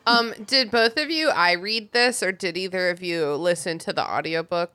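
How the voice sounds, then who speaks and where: A woman's voice: fairly low pitch, normal speed. A woman co-hosting a podcast, chatting casually about a book and laughing often. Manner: giggly, chatty and animated. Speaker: podcast co-host. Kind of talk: casual book discussion chat.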